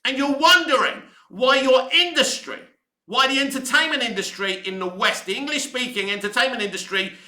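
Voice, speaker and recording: A man ranting angrily in a heated, sweary commentary, his voice going hoarse. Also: extremely high pitch, normal speed, sharp tone, reverberant. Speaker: online commentary host. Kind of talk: angry opinion rant.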